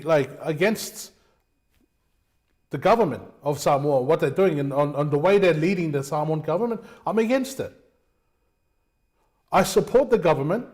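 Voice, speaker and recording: A man's voice: high voice, a little mellow. A man hosting a talk show, delivering passionate, opinionated political commentary, often calling listeners "mate". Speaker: show host.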